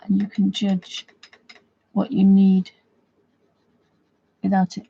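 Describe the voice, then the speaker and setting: A woman's voice: mid-range voice, monotone, slow, gravelly, long pauses, mellow, breathy edge, highs cut off. A woman chatting casually as she walks through a coloring tutorial at home, rambling a little as she works. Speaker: craft video host.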